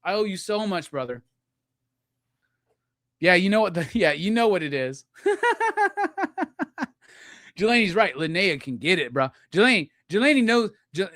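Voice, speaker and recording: A man hosting a live stream, unboxing gifts and gushing with loud, profane excitement. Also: high voice, no echo, studio quality. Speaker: live show host.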